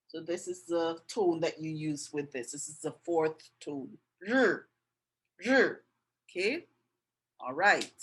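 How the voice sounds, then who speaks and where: A woman's voice: on the low side, rough recording. A middle-aged woman giving a patient step-by-step art and writing lesson, often checking in with the viewer. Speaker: art and language tutor.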